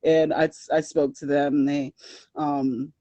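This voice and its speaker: A woman's voice: sits low, measured pace, no echo, dull audio. Rambling woman guest, dry close sound. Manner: rambling, with many fillers and restarts; animated when quoting herself. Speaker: podcast guest. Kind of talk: casual interview talk.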